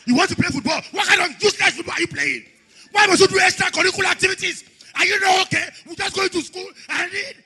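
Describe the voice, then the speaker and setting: A man playing a hot-tempered, stingy father who shouts and scolds in a church drama skit. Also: extremely high pitch, quick pace, few pauses. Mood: scolding. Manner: loud scolding, exasperated shouting. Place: church stage.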